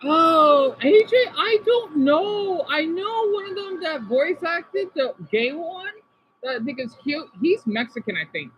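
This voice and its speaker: Streamer woman, high and bouncy voice, chatty, slightly dull recording with faint hiss. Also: animated, a little slow. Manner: chatty, talks to viewers by name, sounds out words. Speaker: livestreamer reading chat. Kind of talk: casual live-stream chat.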